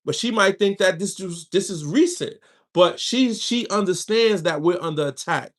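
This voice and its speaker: A man's voice: high voice, normal speed, fairly bright tone. A man hosting a livestream, giving casual spiritual advice and telling stories with slang and asides to his viewers. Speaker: livestream host.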